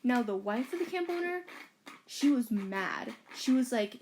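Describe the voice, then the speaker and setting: A woman with a fairly high voice chats loosely as a podcast co-host. She tells a story in a rambling way, with lots of fillers and quoted lines. She is recorded in a bedroom. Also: lively intonation, fairly quick, a little mellow, a little hiss or hum. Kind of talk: casual chat, storytelling.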